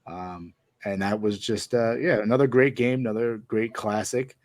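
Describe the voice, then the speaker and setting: A man's voice: fairly low pitch, fairly even intonation, normal speed, no room sound. A man hosting a casual sports podcast, recapping games hesitantly with many fillers and handing questions to his co-hosts. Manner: hesitant, filler-heavy, steers the talk with questions.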